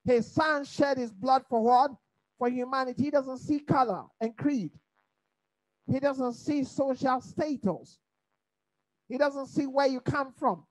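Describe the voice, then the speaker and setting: High-voiced woman preaching a Bible study. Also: poor audio. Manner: rhetorical call-and-response questions; lively, humorous, mimics accents.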